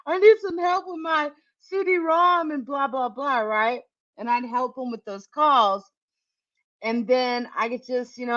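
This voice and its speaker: A woman's voice: a little high, sharp tone. A middle-aged woman telling a candid, profane story from her working life in casual chat, laughing often. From United States. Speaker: tech channel host. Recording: dull lo-fi recording.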